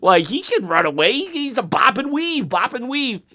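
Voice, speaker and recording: A man hosting his own channel, reviewing a show in a rambling, excitable way and laughing often. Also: very high-pitched, moderate pace. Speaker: wrestling commentary channel host. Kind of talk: casual solo show review.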